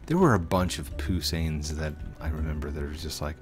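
A man's voice: rumbling low, moderate pace, few pauses, faint music behind. A middle-aged man hosting a gaming channel, chatting playfully and rambling to himself while he plays. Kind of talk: casual gameplay commentary. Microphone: desk microphone.

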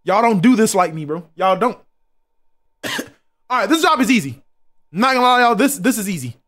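Speaking at a normal speed in a high-pitched voice, the young streamer from South Carolina jokes his way through a game. He's lively and casual, addressing his chat directly.

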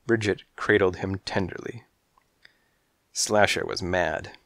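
Slow, low-voiced male audiobook narrator. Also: fairly even intonation, a bit bright, dry recording, clean studio sound. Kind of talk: first-person audiobook narration.

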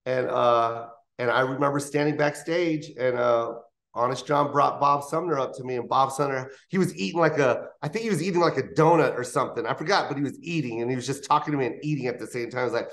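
Talking fast in a gravelly, mid-range voice, a comedian in his fifties recounts stories as an interview guest in a studio. He animatedly acts out the voices of the people he describes.

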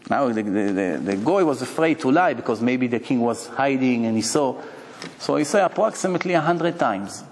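A man preaching as a rabbi, telling parables with lively rhetorical questions. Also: medium pitch, normal speed, slight background noise. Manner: animated storytelling with rhetorical questions. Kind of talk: sermon. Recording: long hall reverb.

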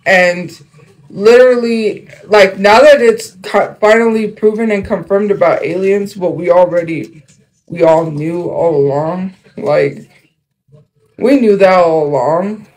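High-voiced young man rambling on stream. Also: a little slow, rough recording. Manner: rambling, filler-heavy, jumps between topics. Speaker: livestreamer. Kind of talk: casual livestream chat.

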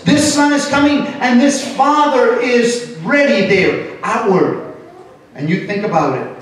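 High-voiced pastor in an echoey church. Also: male voice, a little hiss or hum. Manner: animated, switches into Spanish, acts out quotes. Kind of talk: sermon. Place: church sanctuary. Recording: very echoey hall, distant mic.

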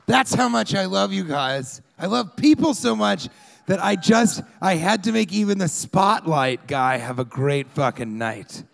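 Holding a handheld mic before a live audience at a comedy club, a Colorado comic rambles through his set in a somewhat high, gravelly voice. His pitch swings wildly with lively intonation at a measured pace as he shouts out crowd work and impersonates fans yelling at him.

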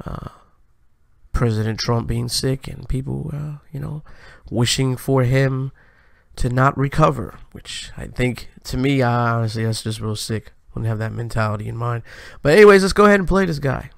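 Man, stream host, gravelly voice, dry close sound, preachy emphatic delivery. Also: medium pitch, moderate pace, dry recording. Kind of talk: commentary vlog.

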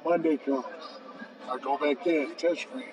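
A man in his fifties, a podcast guest, telling a long anecdote with lively acted-out dialogue and frequent "bro.". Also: on the high side, a little slow, crowd noise. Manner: lively storyteller acting out both sides of phone calls, says "bro" often. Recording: distant, dull and noisy.

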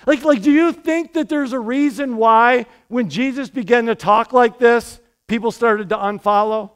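A male pastor preaching a sermon in a church, energetic and conversational, with quick asides to the congregation. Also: very high-pitched, clean tone. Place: church sanctuary.

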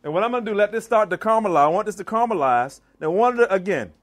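Running a live cooking demo before an audience in a church hall, a chef with a fairly high voice and a Maryland accent banters and quizzes the crowd as he works. He hails from the Washington DC and Maryland area, and his rapid-fire delivery is playful and lively, full of call and response.

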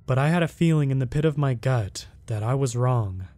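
Brief: male horror narrator, mid-pitched, steady, measured first-person storytelling. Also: dry recording.

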